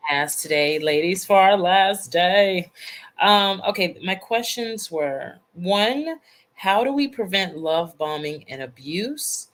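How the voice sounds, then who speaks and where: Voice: mid-range voice, lively intonation, takes it slowly, fairly bright tone. Hesitant caller asking questions. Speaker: call participant. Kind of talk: casual questions on a group call.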